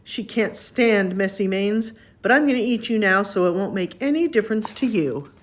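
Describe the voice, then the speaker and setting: A woman voicing a blustering, vain male lion with a quick temper, raised and loud. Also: medium pitch, lively intonation, natural voice. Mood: fretful. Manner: loud, shouting, hungry and grumpy.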